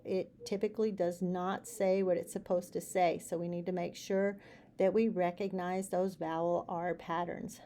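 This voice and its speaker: A middle-aged woman teacher explaining letter chunks in a phonics lesson, patiently repeating each sound slowly and clearly. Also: mid-range voice, a little mellow, a little hiss or hum. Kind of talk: phonics lesson for students and parents.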